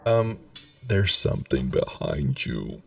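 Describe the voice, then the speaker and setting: A man's voice: lowish voice, huge pitch swings, slow pace, gravelly, no echo, faint music behind. A man running a tabletop game as dungeon master, laid-back, with frequent ums. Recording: voice picked up far from the mic.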